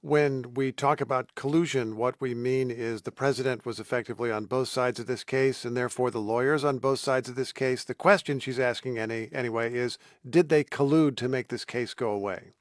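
A man hosting a radio news interview, asking crisp, probing questions and spelling out what the answers mean. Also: medium pitch, fairly even intonation, brisk, hardly any pauses, dry recording, clean studio sound.

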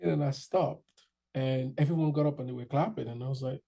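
A man's voice: medium pitch, steady tone, normal speed, creaky, mellow. A young man casually telling his story in an interview, acting out other people's lines in raised voices.

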